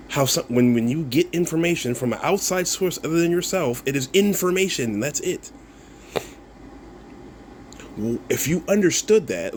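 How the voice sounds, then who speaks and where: A man's voice: fairly high pitch, darkish tone, a little hiss or hum. Mocking man ranting at online critics. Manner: mocking, laughs often, swears, repeats himself. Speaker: content creator replying to comments. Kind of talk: casual video rant.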